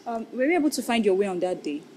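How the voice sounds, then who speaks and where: An actress playing a polite young woman who speaks in a soft, apologetic way. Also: mid-range voice, very animated, quick pace, a little hiss or hum, natural voice. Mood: conciliatory. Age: young adult. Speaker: daughter. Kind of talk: film acting.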